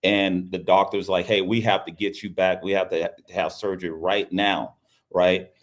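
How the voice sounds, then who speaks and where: A man's voice: sits low, flat delivery, normal speed. A middle-aged man from Louisiana, a basketball coach, telling a personal story in an interview in an earnest way, repeating his phrases. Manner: earnest, repeats phrases, acts out quoted speech.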